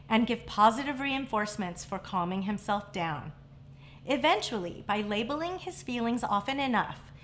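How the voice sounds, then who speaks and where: Calm, fairly high-voiced woman host. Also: slight background noise. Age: middle-aged. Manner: calm, measured, reassuring delivery. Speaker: family therapist and parenting show host. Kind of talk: scripted advice presentation.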